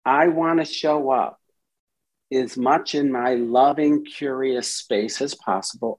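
A middle-aged man, a therapist guest on a podcast, explaining his work in an animated way and acting out inner voices. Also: medium pitch, unhurried.

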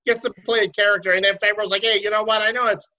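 A man's voice: high voice, little pitch movement, very fast, sharp tone. A man co-hosting a casual chat, rambling and swearing freely. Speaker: podcast co-host. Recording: dull lo-fi sound.

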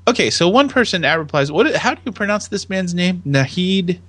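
A man co-hosting a casual chat podcast, animated and laughing often as he reads tweets aloud in voices. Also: high voice, fairly quick, dry recording. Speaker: podcast co-host.

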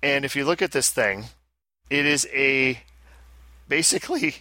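A man's voice: mid-range voice, expressive, a little slow, pushed and bright, no echo, studio quality. A man hosting a casual podcast, reading listener emails aloud with wry asides. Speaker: podcast host.

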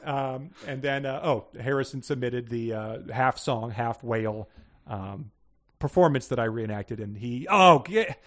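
Laughing, animated man co-hosting a podcast. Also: medium pitch, unhurried. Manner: laughs often, animated, jokey. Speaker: podcast co-host. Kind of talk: casual chat reading listener picks.

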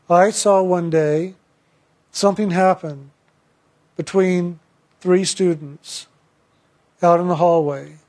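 A man giving a reflective spiritual talk and telling a personal story, speaking slowly and deliberately with pauses. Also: sits high, darkish tone. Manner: slow, measured, deliberate pauses.

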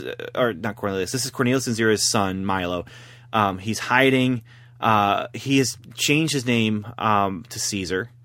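A man's voice: lowish voice, a bit bright, dry recording. A man rambling through a story in casual chat as a podcast host, laughing at his own jokes.

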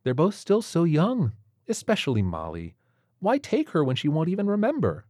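A man's voice: a little high, huge pitch swings, moderate pace, dark tone, no echo, pitched above the performer's own voice. Male narrator voicing a disapproving older mother, scolding, dry audiobook read.

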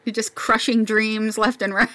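A woman in her fifties hosting a casual chat, chatty and quick to laugh as she tells stories. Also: a little high, a little hiss or hum. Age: 50s. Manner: chatty, laughs often, animated retelling. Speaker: podcast host, teacher.

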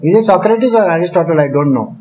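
A man leads a spiritual discourse with a fairly high voice. He talks to his listeners casually and keeps checking that they are following him. Faint room noise sits behind him. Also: animated, fast talker, a little mellow, poor audio. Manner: conversational, often asks the listeners questions, laughs while teaching. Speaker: spiritual teacher.

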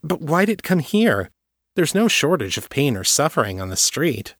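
A man's voice: on the high side, big pitch swings, moderate pace, a bit bright, no room sound, studio quality, voice pushed up, exaggerated voice. Man putting on a shaken young woman. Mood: distressed. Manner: shaken, pleading. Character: young woman, tearful troubled student.

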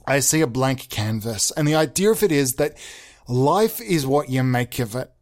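A man's voice: mid-range voice, animated, normal speed. A man hosting a comedy show, rambling in a mock-pompous way and swearing now and then.

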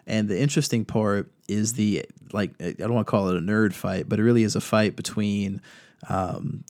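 A man's voice: lowish voice, a little mellow, no echo, studio quality. A man hosting a podcast, reading news quotes and adding casual commentary. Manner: reads quotes from articles, adds opinion. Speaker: podcast host.

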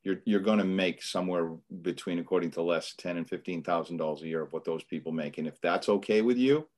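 A middle-aged man with a Boston accent speaks in a very low voice as a guest on a podcast interview. He talks earnestly and motivationally, and he often repeats a word or two as he starts a thought. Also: fast, darkish tone. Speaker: business coach guest.

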